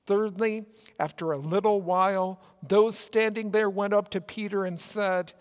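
A male pastor with a Minnesota accent preaching a sermon in a church, earnest and measured, with emphatic rises. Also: sits high, fairly even intonation. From Minnesota, United States. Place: church sanctuary. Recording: long church reverb.

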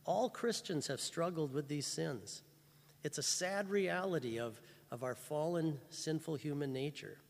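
Earnest pastor preaching in a reverberant hall. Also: male voice, fairly high pitch, measured pace. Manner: earnest storytelling, rising to fervent emphasis. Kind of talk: sermon. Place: church chapel.

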